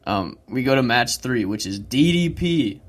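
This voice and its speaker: Laughing young podcast co-host. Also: male voice, mid-range voice, a little slow. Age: young adult. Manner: laughing, animated retelling with quoted lines. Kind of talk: casual chat.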